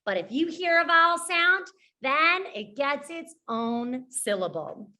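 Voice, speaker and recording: A young woman teaching preschoolers, speaking slowly and clearly, praising them often and singing simple songs. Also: sits high, sing-song, pushed and bright.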